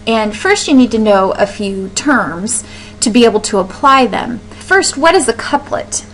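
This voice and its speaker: A woman's voice: on the high side, slight background noise, rough recording. Woman teaching a poetry lecture. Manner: explanatory, asks and answers own questions; many ums and restarts. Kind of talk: recorded slide lecture.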